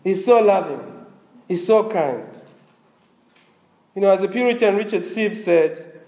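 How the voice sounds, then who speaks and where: A man's voice: high voice, animated, measured pace, long pauses, dark tone, roomy sound. A man preaching a sermon, with a slightly strained voice, asking the congregation questions as he goes. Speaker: pastor.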